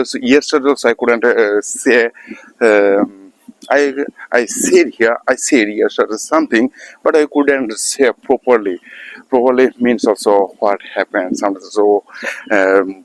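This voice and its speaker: A man with a Bengali accent and Bengali as his first language, practicing spoken English in a casual monologue, halting with many fillers and restarts. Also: on the low side, no echo, poor audio. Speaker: English learner vlogger.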